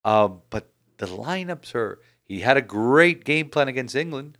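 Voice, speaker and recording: A man hosting a casual sports podcast, animated and rambling with frequent restarts. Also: mid-range voice, measured pace. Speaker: podcast host.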